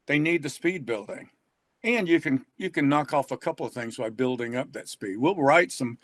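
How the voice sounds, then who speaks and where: A man's voice: mid-range voice, fairly bright tone, no room sound. An older man, an author and reading educator, talking in a folksy, rambling way and chuckling often. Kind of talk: casual online talk.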